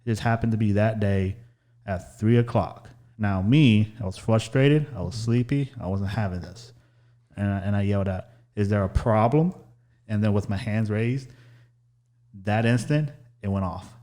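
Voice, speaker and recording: A man's voice: lowish voice, normal speed, mellow. A man hosting a podcast, chatting casually and telling a story with many restarts. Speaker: podcast host. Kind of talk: casual chat.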